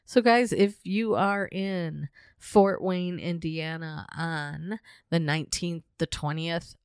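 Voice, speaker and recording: A woman co-hosting a podcast in casual chat, a little hoarse because she is losing her voice, laughing often and reading show promos in a friendly way. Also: lowish voice, takes it slowly, dry recording, clean studio sound. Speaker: podcast co-host.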